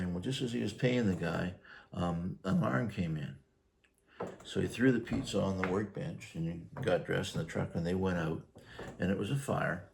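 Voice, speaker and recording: A retired firefighter, a man, telling a long story in a rambling, halting way during a casual chat. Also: low-pitched, creaky, darkish tone, slight background noise.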